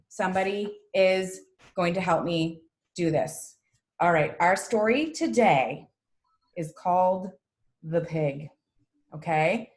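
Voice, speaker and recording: A woman teacher runs a reading class over a video call from home, chatty and encouraging. She speaks slowly and takes her time with each phrase, and the room around her rings with echo. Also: mid-range voice. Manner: chatty, encouraging, self-deprecating. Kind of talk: live online reading class. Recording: roomy echo.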